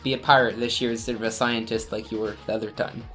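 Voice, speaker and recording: A man hosting a podcast in casual, relaxed chat, chuckling often. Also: lowish voice, fast talker, faint music behind. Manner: relaxed, chuckling, with frequent restarts. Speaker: podcast host.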